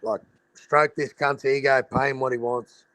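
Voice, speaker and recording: A man's voice: mid-range voice, flat delivery, normal speed, fairly bright tone, no echo. An Australian man hosting a casual boxing livestream over a video call, blunt and swearing freely in Aussie slang. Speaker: boxing talk show host.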